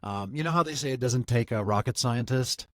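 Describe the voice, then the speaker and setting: A man guesting on a podcast who talks in a grateful, halting way with many restarts. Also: mid-range voice, fairly bright tone, no echo, clean studio sound. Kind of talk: casual interview chat.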